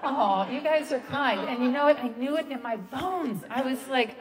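A woman stand-up comedian telling a story live on a theater stage, in a halting, rambling, self-interrupting way. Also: high-pitched. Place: theater stage before a laughing audience. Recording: long hall reverb, loud crowd and noise.

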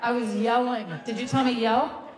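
A woman stand-up comedian telling a story live on a theater stage, in a halting, rambling, self-interrupting way. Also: fairly high pitch, fairly even intonation. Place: theater stage before a laughing audience. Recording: long hall reverb, loud crowd and noise.

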